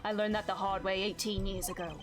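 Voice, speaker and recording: A woman's voice: medium pitch, level tone, fast, pitched below the performer's own voice, lightly acted. A woman voicing a scheming older male dessert chef who gloats, then turns bitter and defensive. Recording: game music behind the voice.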